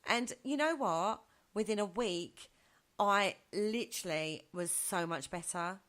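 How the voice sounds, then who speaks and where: A woman chatting in a radio studio, telling stories in a lively way and acting out what people said. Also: mid-range voice, measured pace. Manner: chatty storyteller who acts out quotes, often laughing. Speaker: studio guest. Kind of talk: casual radio chat. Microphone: studio microphone.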